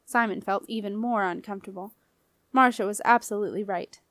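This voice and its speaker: A woman reading an audiobook aloud in a measured storytelling way. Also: mid-range voice, fairly bright tone, dry recording. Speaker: audiobook reader. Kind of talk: scripted audiobook narration.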